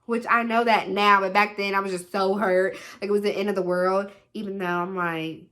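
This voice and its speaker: A young woman telling a dramatic storytime on her vlog, animated and leaning on "literally" and "like". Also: medium pitch, normal speed, few pauses. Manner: animated, dramatic retelling with put-on quoted voices; repeats "literally" and "like" constantly. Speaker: vlogger.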